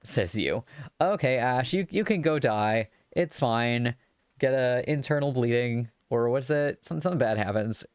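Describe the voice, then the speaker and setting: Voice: medium pitch, measured pace, smooth, dry recording, clean studio sound. A streamer reading a romance visual novel aloud live, with giggly, chatty joking asides.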